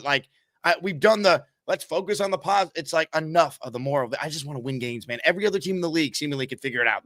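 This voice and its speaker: A man's voice: medium pitch, fairly bright tone, no room sound, studio quality. A man hosting a call-in sports talk show, chatty and upbeat as he takes callers. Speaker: host.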